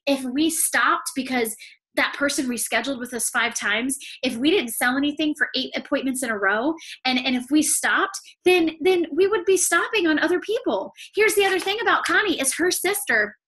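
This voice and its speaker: A woman leading a sales team, giving an energetic motivational talk, repeating phrases for emphasis. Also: high voice, normal speed.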